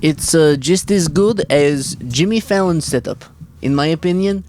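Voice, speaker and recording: A man's voice: on the high side, measured pace, a little mellow, a little hiss or hum, lightly acted. A young man playing a boastful Russian ex-mob storyteller in a mock Russian accent, rambling in broken English as a podcast co-host. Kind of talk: improvised comedy bit.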